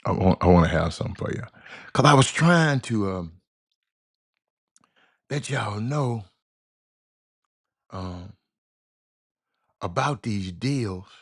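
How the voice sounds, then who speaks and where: Speaking slowly with frequent pauses, this man has a fairly low, animated voice and a drawl. He runs a loose sports call-in program, drifting between subjects, stumbling and repeating himself, and repeatedly calling out to the audience as y'all.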